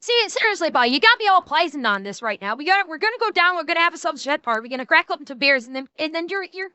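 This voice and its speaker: A woman putting on a rowdy, exasperated male Newfoundland local with a heavy Newfoundland accent, scolding fast. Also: high-pitched, very animated, sharp tone, no echo, pitched above the performer's own voice, heavily acted. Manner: scolding, rapid, heavy dialect.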